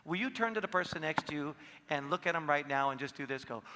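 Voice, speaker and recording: A man with a high, bright voice speaking to an audience in a large hall. He tells his stories with animation, acting out each person's lines. The long reverb of the room trails after his words. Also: lively intonation, fast. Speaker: seminar speaker. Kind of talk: live seminar talk.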